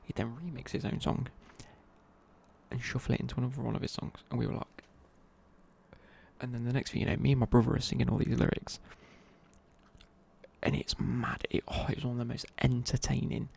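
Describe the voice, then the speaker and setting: Gravelly whispering man, whispered ASMR chat. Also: mid-range voice, flat delivery, fairly quick, pauses often, darkish tone. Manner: rambling, casual, many fillers and restarts. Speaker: ASMR creator.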